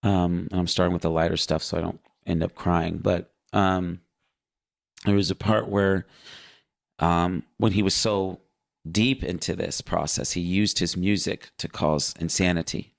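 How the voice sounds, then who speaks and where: Brief: low creaky male voice, earnest storyteller, dry close sound. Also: level tone, measured pace, dry recording. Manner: earnest, vivid storytelling with fillers. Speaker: guest recounting a vision. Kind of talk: casual spoken testimony.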